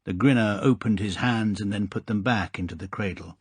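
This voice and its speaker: A man calmly reading the narration of an audiobook. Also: fairly low pitch, fairly quick, slightly rough, no room sound. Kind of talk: scripted narration.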